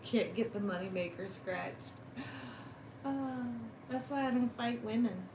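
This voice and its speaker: Her slightly high voice comes through an echoey room over a noisy background as she vlogs casually from home on her phone camera. Chatty and a little foul-mouthed, she swears and complains at length.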